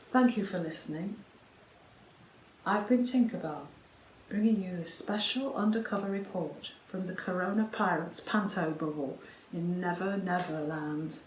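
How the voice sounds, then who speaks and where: A woman voices a cheeky female fairy posing as a pirate reporter in a homemade panto radio play. She speaks slowly and confidingly, slipping in pirate phrases. The room sounds roomy, with a faint noise bed beneath. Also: fairly low pitch. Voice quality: chatty, conspiratorial newsreader manner with pirate slang.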